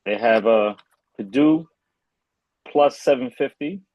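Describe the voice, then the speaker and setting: A man co-hosting a casual sports betting podcast, relaxed as he reads through odds. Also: medium pitch, slow, dry recording. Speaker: podcast co-host. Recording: dull, muffled line.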